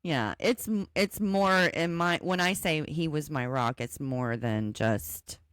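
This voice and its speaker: A woman's voice: sits low, slow, fairly bright tone, no room sound, studio quality. A woman co-hosting a podcast, chatting casually and reflecting on the show's couples in short agreeing replies. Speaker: podcast co-host. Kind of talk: casual recap chat.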